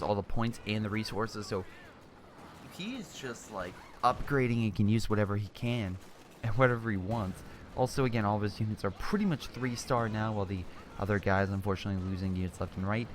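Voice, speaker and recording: Young guy commentating a game replay, kinda low voice, excitable and rambly. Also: fairly quick, a little hiss or hum. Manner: chatty, exclamatory, often restarts mid-sentence. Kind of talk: casual strategy game commentary.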